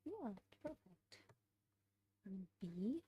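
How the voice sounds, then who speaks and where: A woman studying a language aloud, thinking out loud, hesitating and correcting herself as she works through exercises. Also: mid-range voice, sing-song, takes it slowly, husky. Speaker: language learner streaming study session. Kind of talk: casual study-along lesson.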